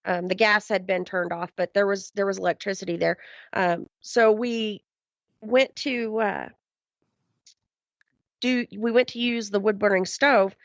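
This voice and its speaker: A woman's voice: medium pitch, steady tone, measured pace, no echo. Rambling woman telling a story, lo-fi. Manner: rambling, heavy with "um" and "you know". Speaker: guest, paranormal investigator. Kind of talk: casual storytelling. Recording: dull, dry lo-fi sound.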